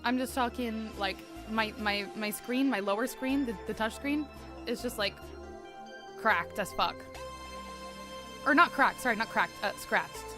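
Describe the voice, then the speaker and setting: With music in the background, a young woman casually talks to her livestream viewers in a voice on the high side, a little slow. She meanders, leans heavily on "like," and often restarts what she's saying.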